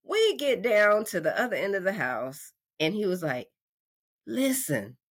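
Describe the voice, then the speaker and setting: Animated storytelling woman in her forties. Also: mid-range voice, normal speed, slightly rough. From North Carolina, USA. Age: 40s. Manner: animated, acts out voices in quotes, conversational. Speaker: podcast host. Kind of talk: casual storytelling monologue.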